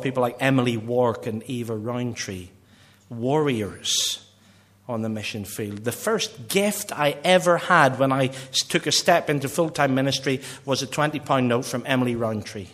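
A middle-aged man from Northern Ireland with a Northern Irish accent, preaching a sermon in an earnest way, slowing for emphasis and dropping quiet at the ends of phrases. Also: mid-range voice. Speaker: pastor.

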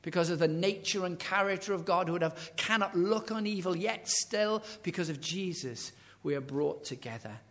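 Dramatic preacher man, slightly high voice. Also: normal speed. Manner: dramatic, swinging from loud declarations to hushed near-whispers; retells stories with quoted dialogue. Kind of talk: sermon.

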